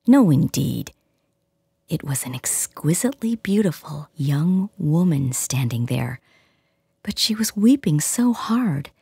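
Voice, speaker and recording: A woman narrating a storybook in a soft, near-whispered hush. Her voice is low, dark and very breathy, and she reads slowly and gently. The recording is close and dry. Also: dry recording. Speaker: audiobook reader.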